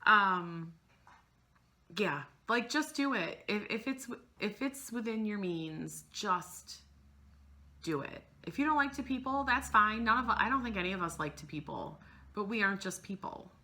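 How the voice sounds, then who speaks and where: A woman's voice: medium pitch, animated, unhurried, pushed and bright. A woman vlogging casually about cross-stitching, rambling and gushing, emotional and close to tears, often trailing off mid-sentence. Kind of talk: casual chat to camera.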